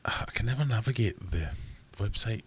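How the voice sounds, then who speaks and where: A man's voice: on the low side, lively intonation, normal speed, slight background noise. A man with a Scottish accent hosting a casual live Q&A, chatting and reading out viewer comments. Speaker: livestream host.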